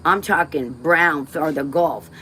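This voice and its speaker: A woman's voice: low voice, slow, pushed and bright, slight background noise. A woman from West Texas, livestreaming and telling rambling personal stories in a blunt, emotional way, swearing freely and drifting off topic.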